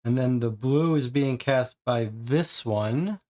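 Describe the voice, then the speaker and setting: A man's voice: mid-range voice, takes it slowly, darkish tone. A man streaming a puzzle game, thinking aloud and muttering in frustration as he works through it.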